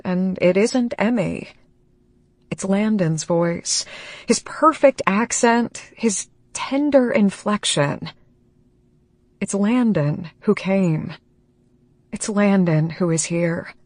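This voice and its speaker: A woman reading a first-person romance audiobook, slow and emotional in a measured way. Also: on the low side, dry recording, clean studio sound. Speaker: audiobook narrator.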